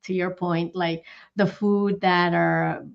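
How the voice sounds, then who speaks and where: A woman's voice: fairly low pitch, flat delivery, slow pace, vocal fry. A woman hosting an interview, speaking reflectively with frequent restarts and repeated words. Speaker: host. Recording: dull lo-fi call audio.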